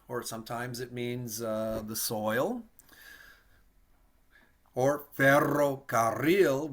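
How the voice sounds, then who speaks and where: Guy teaching a language class online, easygoing and patient, slows right down to sound words out, medium voice. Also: medium pitch. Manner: patient, slow demonstration of words, easygoing asides. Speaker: Spanish teacher. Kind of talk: casual online language lesson.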